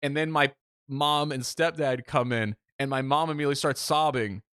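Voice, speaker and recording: A man co-hosting a podcast, telling a story in casual chat with an animated, self-mocking manner and free swearing. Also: medium pitch, moderate pace, clean tone, dry recording, clean studio sound. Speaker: podcast co-host.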